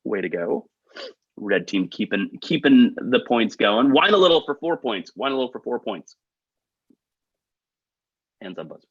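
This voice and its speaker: A man's voice: medium pitch, no echo. Upbeat man hosting an online trivia quiz. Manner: upbeat, quick asides, chuckles at own jokes. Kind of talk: reading trivia questions, joking asides. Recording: dull, lo-fi video call audio.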